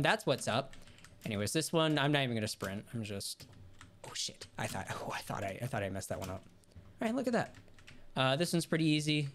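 A woman streamer giving casual commentary over her gameplay, talking to herself and swearing and yelling when she gets frustrated. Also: low voice, a little hiss or hum. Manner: talks to herself while playing. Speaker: gaming streamer.

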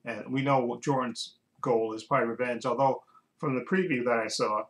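A man's voice: medium pitch, a little fast, a bit bright, rough recording. A man casually recapping a TV episode as a reviewer, rambling and often restarting while he searches for words.

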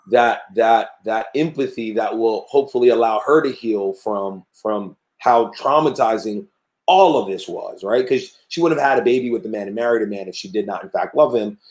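A man hosting an interview podcast, recapping and framing questions in a halting way with many repeated words. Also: mid-range voice. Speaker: podcast host. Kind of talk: conversational interviewing. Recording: roomy echo.

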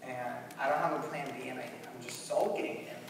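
A young man giving a storytelling keynote in a large conference hall, animated and acting out scenes. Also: mid-range voice, brisk, noisy background. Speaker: keynote speaker. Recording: echoey hall from far off.

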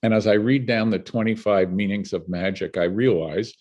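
This older Canadian man, a filmmaker, speaks in a lowish voice at a moderate pace, with a breathy edge and the high frequencies cut off. As an interview guest, he tells stories lively and performs the voices of people he quotes.

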